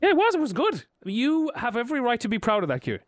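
A man's voice: extremely high pitch, wildly swooping pitch, quick pace, no room sound, clean studio sound. A young man with an Irish accent hosting a radio show, chatty, playful and self-deprecating. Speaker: radio host. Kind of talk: casual radio chat. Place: radio studio. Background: faint music bed.

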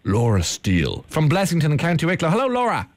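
A man's voice: fairly high pitch, wildly swooping pitch, quick pace, no echo. A man hosting a radio phone-in, joking with a young caller and tripping over his words. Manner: teasing, jokey, stumbles over words. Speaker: radio host. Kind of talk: playful radio phone-in chat.

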